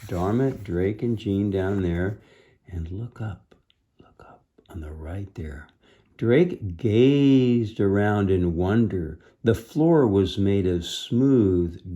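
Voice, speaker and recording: A man reading a children's storybook aloud at a very slow, gentle pace, stopping to point out the pictures. His voice sits low and his tone is dark and mellow. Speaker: storybook reader.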